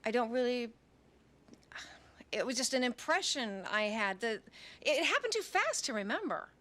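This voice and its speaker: An actress playing a woman on trial for murder, answering evasively and haltingly in a TV movie courtroom drama. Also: on the high side, very animated, pushed and bright. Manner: hesitant, defensive, halting. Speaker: defendant.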